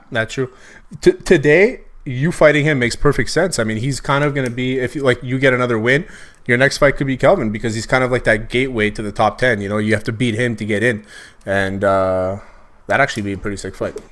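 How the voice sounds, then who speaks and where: Man, podcast host, quick easygoing chatter, loose and informal delivery. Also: mid-range voice, steady tone, a bit bright. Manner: easygoing, chatty, drawn-out fillers. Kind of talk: casual podcast chat.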